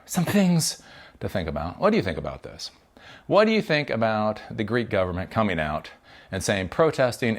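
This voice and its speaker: A man hosting his own channel, delivering a heated, profane, sarcastic commentary rant to camera. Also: low-pitched. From United States. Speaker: tech channel host giving commentary.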